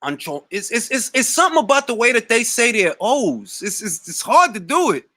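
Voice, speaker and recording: Young male talk-show host, bright tense voice, dry close sound, loose slangy delivery with restarts. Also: very high voice, moderate pace, no room sound. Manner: animated, slangy, repeats words when starting a thought. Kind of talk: casual live Q&A chat.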